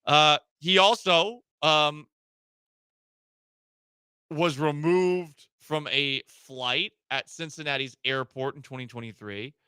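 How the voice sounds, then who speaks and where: A man's voice: on the high side, steady tone, slow pace, pushed and bright, smooth, dry recording. A man hosting a sports talk radio show in a studio, talking casually with a wry, sarcastic edge.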